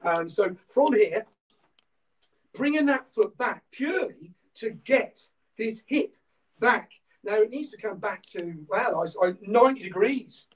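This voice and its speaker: Teaching punches step by step in an online martial arts class, an English man with a Norfolk accent keeps asking "okay?" and shouts counts through the drills. His voice is high-pitched, expressive and unhurried, recorded far from the mic in rough quality.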